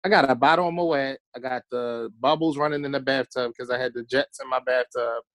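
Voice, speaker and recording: A man's voice: mid-range voice, fairly even intonation, fairly quick, a bit bright, no room sound. A man, a podcast guest telling loose stories in casual chat and acting out what people said. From Baltimore. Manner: loose storytelling, acts out quotes.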